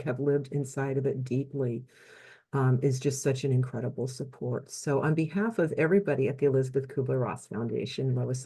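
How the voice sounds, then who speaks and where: Woman host, mellow dark tone, gracious, loose with fillers, video call. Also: very deep voice. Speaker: host and moderator. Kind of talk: webinar wrap-up and thanks.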